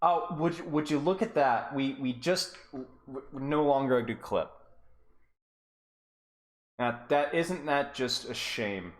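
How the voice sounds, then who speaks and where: A man's voice: mid-range voice, slow pace, long pauses. A man coaching players on a live stream, rambling and sarcastic as he rates game clips and keeps interrupting himself. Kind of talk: live-stream clip review.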